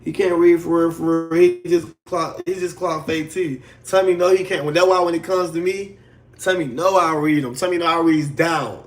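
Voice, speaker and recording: A man with a high-pitched voice rants on a casual livestream. He trash-talks a rival in a mocking, sing-song way, stacking insult on insult. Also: fairly even intonation, normal speed.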